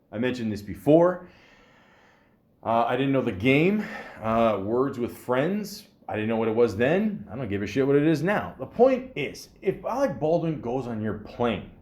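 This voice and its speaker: A man's voice: mid-range voice, a little mellow. A man hosting a comedic podcast, reading out trivia and breaking into rambling, profane asides full of fillers. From Canada. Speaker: podcast host.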